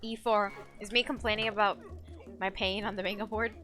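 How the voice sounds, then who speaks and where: A woman's voice: mid-range voice, flat delivery, a little fast, fairly bright tone, soft background music. A woman live-streaming a video game, chatting casually, reading chat aloud and giggling often.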